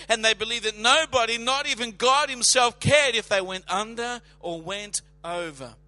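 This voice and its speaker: A man preaching a sermon with dramatic, emphatic delivery, slowing to draw out words and swelling in volume. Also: high voice, pushed and bright.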